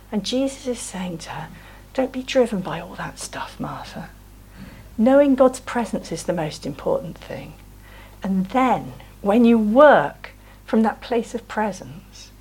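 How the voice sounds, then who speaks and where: A woman giving a gentle, conversational sermon, often asking the listeners tag questions. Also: mid-range voice, breathy edge, rough recording. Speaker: preacher.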